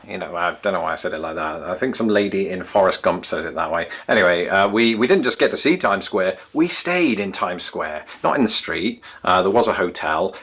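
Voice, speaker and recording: A man's voice: fairly low pitch, fairly bright tone. A man in his thirties with an English accent, reminiscing in a wry, chatty monologue to his channel's viewers. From England. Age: 30s. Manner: wry, self-deprecating, chatty. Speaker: YouTube host.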